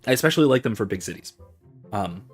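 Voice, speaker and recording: A man's voice: lowish voice, lively intonation, fast talker, slightly rough, soft background music. A man hosting a let's play, giving casual, rambling commentary full of ums and restarts as he digresses.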